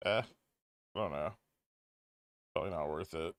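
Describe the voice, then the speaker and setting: A man's voice: rumbling low, normal speed, long pauses, a bit bright, no echo, studio quality. A man hosting a trading livestream, reading viewer questions and answering them in an offhand, wry way, thinking aloud. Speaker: stock trading livestream host.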